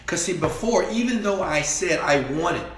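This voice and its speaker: A man giving a preachy motivational speech, repeating himself and swinging between quiet talk and shouting. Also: on the high side, animated, moderate pace, echoey room. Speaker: motivational speaker.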